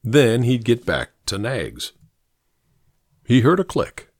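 A man narrates an audiobook with lively, shifting pitch. His voice is recorded dry and close with no room sound. He tells the story in a steady, expressive way. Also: takes it slowly, no echo.

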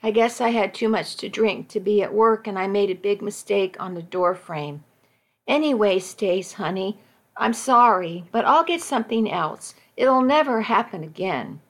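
A woman's voice: mid-range voice, expressive, normal speed. A woman voicing a remorseful young husband who mumbles and pleads in a spoken story. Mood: ashamed.

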